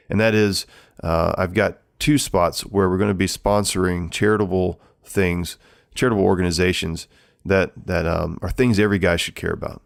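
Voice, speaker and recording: A man's voice: low voice, creaky, dry recording, clean studio sound. A middle-aged man hosting a solo podcast, talking casually with many fillers and restarts. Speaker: podcast host.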